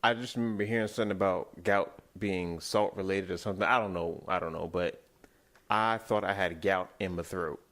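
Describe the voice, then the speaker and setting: Male co-host, deep and gravelly, rambling casual podcast storyteller. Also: steady tone, brisk, a bit bright. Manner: rambling storyteller with many restarts. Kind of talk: casual comedic chat.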